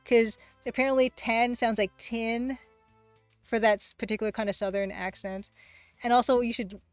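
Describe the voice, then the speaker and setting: A woman hosting a casual livestream, who talks fast, rambles through chat replies, laughs often and pokes fun at herself. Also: fairly high pitch, steady tone, no echo, soft background music. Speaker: livestream host and game artist.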